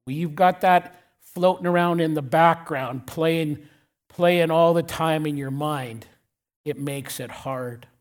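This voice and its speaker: A pastor, male, preaches in church with a blunt, straightforward delivery and a slightly high voice. He says key lines more than once and slows, dropping his voice on important words.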